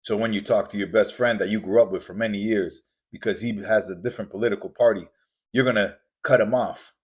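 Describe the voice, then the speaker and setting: A man's voice: lowish voice, steady tone, a little fast, breathy edge. A man hosting a podcast, delivering an intense, preachy motivational monologue with lots of repetition. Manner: intense, preachy, repetitive, acts out quoted voices. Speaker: podcast host.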